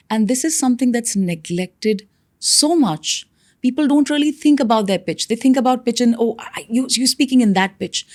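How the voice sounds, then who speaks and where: Lady coach explaining speech tips, swoops her pitch up and down for examples. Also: darkish tone, no room sound, studio quality. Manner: demonstrative, swings pitch up and down to show examples. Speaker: communication coach, guest. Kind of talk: instructive interview answers.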